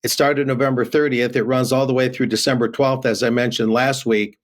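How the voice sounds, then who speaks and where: A man's voice: medium pitch, little pitch movement, a little fast. A man giving remote news commentary, reading headlines aloud with many fillers and restarts.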